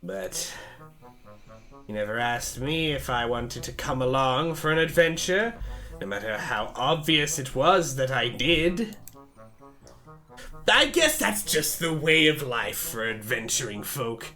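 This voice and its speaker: A man's voice: mid-range voice, big pitch swings, takes it slowly, bright, forceful tone, faint music behind, pitched below the performer's own voice, exaggerated voice. A man voicing a blunt, volatile teenage girl while reading a visual novel aloud, with snappy, hostile outbursts. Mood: wistful.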